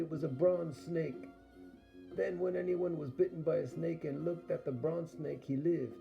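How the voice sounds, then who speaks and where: A man's voice: mid-range voice, vocal fry. A man narrating an audio story in a rambling, playful way. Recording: dull lo-fi recording.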